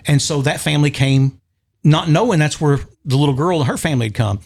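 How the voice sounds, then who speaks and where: A man's voice: on the high side, a little fast, gravelly, a little mellow. Man telling a heartfelt story. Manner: rambling, emotional storytelling with restarts. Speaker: podcast guest. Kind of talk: casual storytelling chat.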